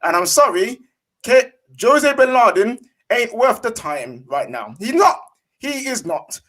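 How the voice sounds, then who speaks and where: High-voiced guy ranting hard, lots of slang. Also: very animated, unhurried, a bit bright. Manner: slangy, emphatic. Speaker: fan panelist. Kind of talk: heated fan rant.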